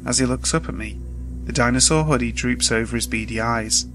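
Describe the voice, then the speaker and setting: Faint background music accompanies a man narrating a first-person horror script in an even, measured manner. His voice is mid-range, and the audio quality is poor.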